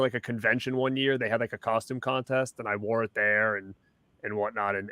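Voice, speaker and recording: A man chatting on a group video panel, reacting with quick enthusiasm. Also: mid-range voice, pushed and bright, no echo, clean studio sound. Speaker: panel guest. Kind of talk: casual group chat.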